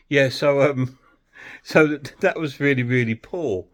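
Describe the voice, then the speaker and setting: Guy rambling through a blunt film review, mid pitched voice, chatty. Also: unhurried. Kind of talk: casual film review vlog.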